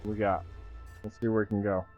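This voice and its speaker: Low-voiced young man chatting on a game stream. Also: flat delivery, fairly quick, darkish tone. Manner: rambling, swears freely, chats with viewers. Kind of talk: casual live-stream chat. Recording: dull lo-fi stream audio with faint music.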